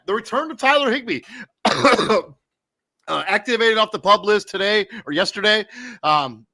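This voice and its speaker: Bright, close-miked casual man talking football. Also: high-pitched, no room sound. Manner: loose, off-the-cuff, self-correcting with fillers. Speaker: co-host giving fantasy football rankings. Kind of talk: casual sports podcast talk.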